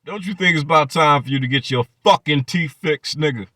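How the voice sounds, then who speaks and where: A man's voice: fairly high pitch, fairly quick, pushed and bright, no room sound, clean studio sound. A man hosting his channel, ranting in profane reaction commentary and mocking people with repeated phrases. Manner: mocking, profane rants with many repetitions. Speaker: channel host.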